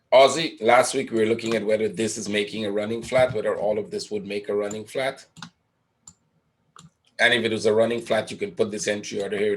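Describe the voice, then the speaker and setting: A man with a lowish voice leads a live trading webinar, working through a chart aloud and answering his own questions, with plenty of "right?" tags. A little hiss or hum is audible.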